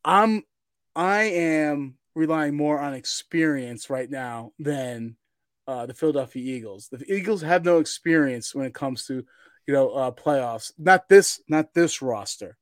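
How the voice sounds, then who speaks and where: A man co-hosting a casual sports talk show, excitable and argumentative, often stammering and restarting. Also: fairly high pitch, unhurried, no echo, studio quality. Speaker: podcast co-host.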